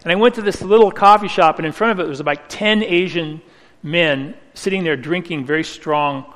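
A man preaching a sermon, telling a personal story earnestly with slow, emphatic phrasing. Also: a little high, fairly bright tone. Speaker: pastor. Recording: reverberant hall.

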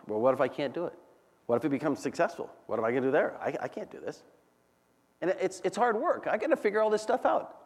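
A man preaching a Bible teaching, earnest and explanatory, often letting phrases fall soft and low. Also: big-room sound.

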